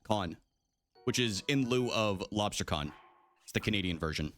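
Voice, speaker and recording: A man's voice: on the low side, normal speed, soft background music. A young adult man streaming a video game live, chatting casually with his viewers, joking and swearing as he plays. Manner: animated, jokey, swears, talks to chat.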